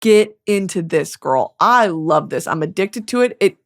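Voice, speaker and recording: A woman's voice: fairly low pitch, lively intonation, a little slow. A young woman, hosting a podcast in a casual comedic monologue full of swearing and dramatic asides. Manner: chatty, swearing, dramatic asides, mock voices. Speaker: podcast host.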